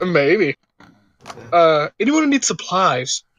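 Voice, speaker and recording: Bright, high-voiced giggly man. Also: very animated, drawn-out words. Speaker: player. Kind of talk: casual chat at a game table.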